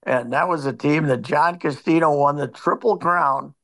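A man's voice: fairly high pitch, moderate pace, a bit bright. A man, a sports columnist, chatting on a podcast as a guest, telling stories in a rambling, wry and grumbling way full of fillers and restarts. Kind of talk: casual podcast chat.

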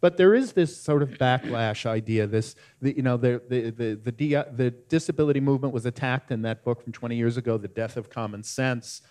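A man moderating a panel discussion at a film festival, speaking haltingly with many restarts. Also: medium pitch, a little mellow. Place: festival screening venue.

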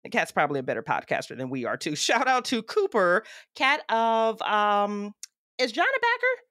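A woman whose mid-pitched voice swoops up and down a great deal as she co-hosts a podcast. She jokes, teases and laughs readily, and the recording is close and dry. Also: sing-song, fairly bright tone, no echo. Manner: playful, affectionate, quick to laugh. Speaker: podcast co-host. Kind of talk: casual chat.

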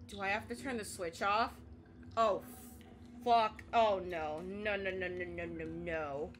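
A young woman playing a horror game and commentating, panicking, repeating herself and shouting at the game. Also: medium pitch, unhurried, background noise. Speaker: gaming YouTuber.

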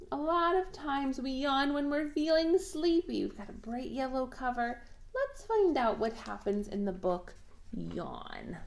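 Slow, high-voiced children's librarian. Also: female voice. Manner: sing-song, animated, slow and clear for small children. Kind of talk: storytime for toddlers.

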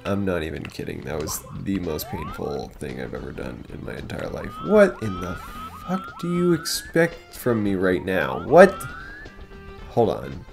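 A man hosting a casual let's play, talking to the game as he goes, excitable and swearing often. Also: sits low, measured pace, gravelly, music in the background. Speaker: gaming channel host.

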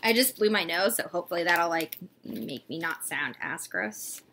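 A woman vlogging an unboxing in a casual, gushing way, a little congested from a cold and often slipping into a breathy whisper. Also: lowish voice, normal speed, slight background noise. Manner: gushing and excitable. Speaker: doll collector vlogger. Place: at home with a dog.

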